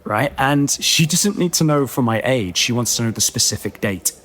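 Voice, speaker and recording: A man telling a comic story on a podcast, animated and self-mocking, with many chatty asides. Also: medium pitch, normal speed.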